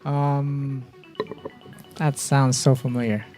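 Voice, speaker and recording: A man's voice: medium pitch, little pitch movement, slow, warm tone, soft background music. A man hosting a gaming podcast, chatting casually with friends, laughing often and reading an upbeat sign-off. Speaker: podcast host.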